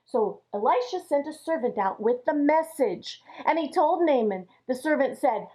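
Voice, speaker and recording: A woman teaching Sunday school, telling a Bible story to children in an animated way. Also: sits high, normal speed, hardly any pauses. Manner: animated, acts out characters' lines. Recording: dull lo-fi recording.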